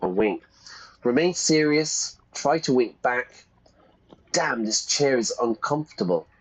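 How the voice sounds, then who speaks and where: A man's voice: medium pitch, lively intonation, a little slow, breathy edge, low-quality recording. Chatty man teaching English while gaming. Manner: chatty, explains words for learners. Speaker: English teacher playing a game on stream. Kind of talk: live-stream commentary and reading aloud.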